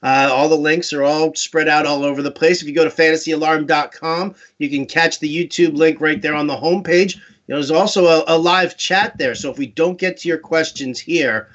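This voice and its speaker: Male host, from New York, chatty and joking; slightly high voice, lo-fi stream audio. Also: steady tone, a little fast, hardly any pauses, fairly bright tone. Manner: chatty, joking, restarts often. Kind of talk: casual sports chat. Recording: dull lo-fi live stream audio.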